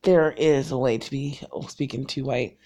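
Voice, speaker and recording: A woman's voice: rumbling low, steady tone, normal speed, mellow. A woman around forty from North Carolina, raised in Virginia, chatting casually and frankly to her viewers, rambling and laughing often. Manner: frank and self-deprecating. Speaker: vlogger.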